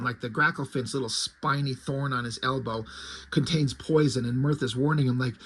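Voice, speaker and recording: A man's voice: mid-range voice, fairly even intonation, unhurried. A man casually recapping a comic book's plot, rambling with lots of "like" and restarts. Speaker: comic book reviewer.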